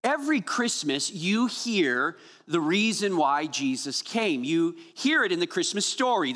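A man's voice: sits high, sharp tone, in a large hall. A man preaching a Christmas Eve sermon as pastor, praying earnestly and then telling playful, humorous stories to the congregation. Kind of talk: sermon with opening prayer.

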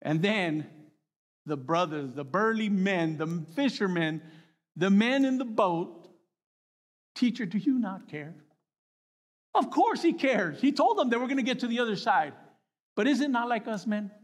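A man preaching a sermon to a group of men, animated and acting out the voices of the people in his story. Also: high voice, moderate pace. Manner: animated, acts out quotes with voice jumps. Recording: long reverb of a hall.

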